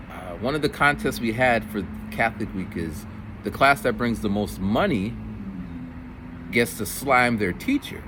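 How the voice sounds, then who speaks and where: A man in his forties, a middle school teacher, telling stories from his week in a casual, animated way. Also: noisy background. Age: 40s. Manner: animated, jumps into high voices for quoted kids. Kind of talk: casual storytelling vlog.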